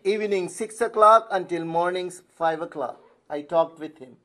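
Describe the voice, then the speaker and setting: A man's voice: sits high, moderate pace, a bit bright. An older man, preaching a sermon as a pastor and answering his own rhetorical questions with emphasis.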